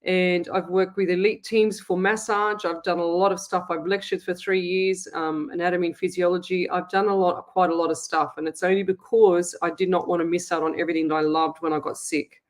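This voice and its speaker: A middle-aged Australian woman hosting a live psychic stream, who chats in a rambling way and then leads a slow, soothing guided meditation. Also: on the low side, flat delivery. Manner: slow, soothing, repetitive guidance; chatty, rambling self-explanation. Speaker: psychic medium host. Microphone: webcam on a live stream. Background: soft meditation music.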